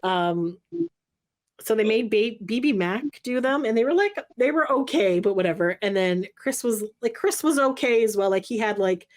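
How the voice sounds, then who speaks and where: A woman co-hosting a podcast, recapping another show in casual chat, full of fillers and quick asides. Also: fairly high pitch, expressive. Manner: rambling, filler-heavy recap. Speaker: podcast co-host.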